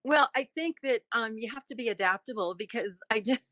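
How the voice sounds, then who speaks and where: Chatty laughing actress, bright voice. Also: female voice, on the high side, a little fast, dry recording. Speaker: actress and guest. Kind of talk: casual interview chat.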